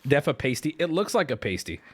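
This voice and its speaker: A man's voice: medium pitch, sing-song, fast talker. A man hosting a livestream, reacting to a video with profane, exasperated casual commentary; his throat is swollen.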